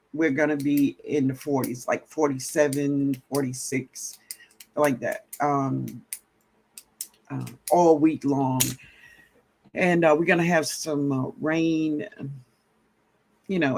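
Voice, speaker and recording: A man hosting a casual gardening livestream, greeting viewers warmly and reading out their comments with a relaxed drawl. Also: on the high side, takes it slowly, pauses often, slight background noise. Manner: drawling, greets viewers as baby, laughs often. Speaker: livestream host. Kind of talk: casual live-stream chat reading comments.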